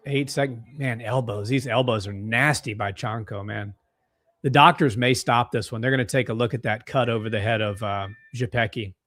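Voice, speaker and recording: Excitable man calling a fight live. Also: mid-range voice, normal speed, dry recording. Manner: excitable, gasping at big strikes. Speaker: co-host of a fight watch-along stream. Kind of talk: live fight commentary with chat reading.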